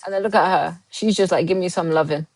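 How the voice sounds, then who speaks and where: A woman's voice: fairly low pitch, fairly even intonation, fast, darkish tone, rough recording. A woman chatting casually on a livestream, rambling and restarting her sentences as she answers viewer comments.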